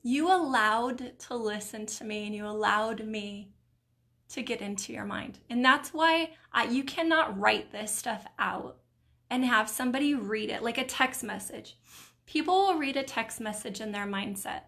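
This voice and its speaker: A middle-aged woman hosting a live video stream, reading viewers' comments aloud in a warm, encouraging, emotional way. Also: fairly high pitch, measured pace. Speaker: host of a live mindset stream.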